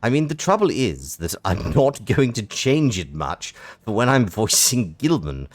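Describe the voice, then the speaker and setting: A man comments on the game he is streaming live, wry and chatty, often breaking off mid-sentence. His voice sits low but moves expressively, and he speaks at an unhurried pace. The sound is dry and close on a desk microphone. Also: sing-song, dry recording. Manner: chatty, self-interrupting, wry.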